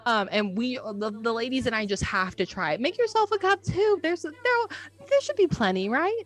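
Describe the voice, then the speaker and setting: A woman's voice: a little high, sing-song, moderate pace, soft background music. A woman voicing a chatty middle-aged suburban soccer mom who gushes and rambles. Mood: sugary.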